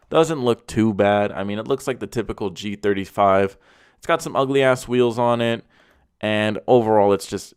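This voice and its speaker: A man's voice: lowish voice, clear, resonant tone, no echo, studio quality. Blunt, mocking young man reviewing cars. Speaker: car reviewer host. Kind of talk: profane comedic car commentary.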